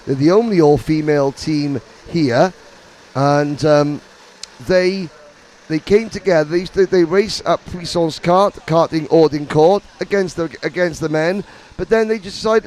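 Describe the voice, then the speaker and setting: A middle-aged man talks through an endurance kart race in a chatty, rambling way, his voice sitting a little high. Engines and track ambience hum faintly behind him. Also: unhurried, a little mellow, rough recording. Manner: chatty, rambling, self-deprecating. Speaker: race commentator. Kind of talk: live motorsport commentary.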